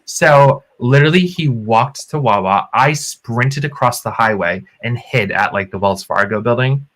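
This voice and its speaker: Animated man telling a story. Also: mid-range voice, unhurried. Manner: animated, acts out quotes in raised voices. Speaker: podcast co-host. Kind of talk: casual storytelling chat.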